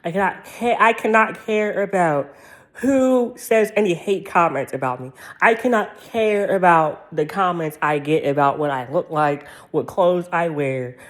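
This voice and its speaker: Woman, low-ish voice, sassy rant, profane, vlog monologue. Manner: profane, sassy, animated, laughing often. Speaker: vlogger. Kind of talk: ranting casual monologue.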